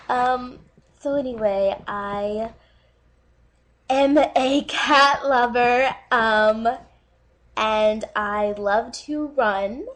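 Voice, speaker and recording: A woman speaks slowly in a high voice, filming a dating video about herself. She is nervous and halting, fills pauses with ums, and turns teary and gushing. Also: fairly even intonation. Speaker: online dating video maker. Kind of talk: dating video self-introduction.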